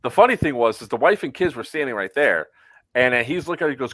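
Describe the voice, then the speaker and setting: A man's voice: mid-range voice, expressive, quick pace, fairly bright tone, no echo, low-quality recording. A man co-hosting a casual chat, telling a story with many fillers and acted-out quotes. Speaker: podcast co-host.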